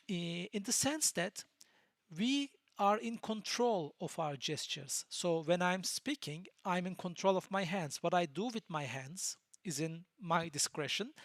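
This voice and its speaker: Patient lecturer. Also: male voice, fairly high pitch, no echo, studio quality. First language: Turkish. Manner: patient, explanatory, pauses to search for words. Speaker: university lecturer. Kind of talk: recorded lecture.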